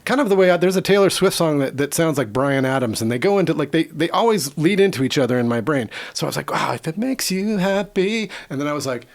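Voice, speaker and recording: A man in his fifties co-hosting a podcast in casual chat, excitable and rambling, with stammering restarts. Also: a little high, fast talker, hardly any pauses, no room sound. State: sweaty and giddy. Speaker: podcast co-host and musician.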